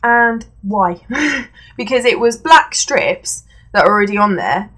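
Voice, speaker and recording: A woman's voice: mid-range voice, expressive, measured pace, fairly bright tone. A young woman chatting casually through a beauty product review, rambling with fillers and self-corrections while seated indoors. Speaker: beauty vlogger. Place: indoors at home, seated on a creaky chair.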